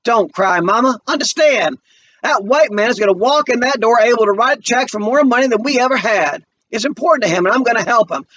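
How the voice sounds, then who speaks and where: A proud, desperate son voiced by a man reading the play aloud pleads in a strained, high voice that keeps climbing. The recording sounds slightly dull and lo-fi, as if captured on modest gear. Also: animated, brisk, a bit bright, recorded from a distance, full character voice. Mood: pleading. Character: proud desperate grown son, bitter and breaking.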